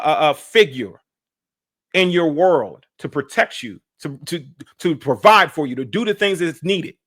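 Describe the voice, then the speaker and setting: A man talks on his reaction podcast in a fairly high voice for a man. He sounds emphatic and preachy, driving each point home by repeating it and asking the listeners if they follow. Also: fairly bright tone. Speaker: podcast host reacting on a live stream. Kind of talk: live-stream reaction commentary.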